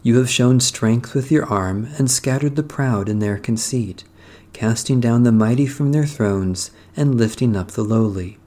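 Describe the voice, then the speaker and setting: Solemn man reading prayers, mellow voice. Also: medium pitch. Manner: measured, solemn, devotional cadence. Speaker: prayer reader. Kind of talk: liturgical reading of psalms and scripture.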